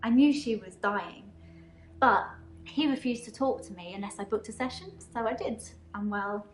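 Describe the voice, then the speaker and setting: A woman voicing a troubled young female patient who believes she can shapeshift, speaking in an earnest, halting way. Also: a little high, echoey room, slight background noise, lightly acted. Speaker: game character.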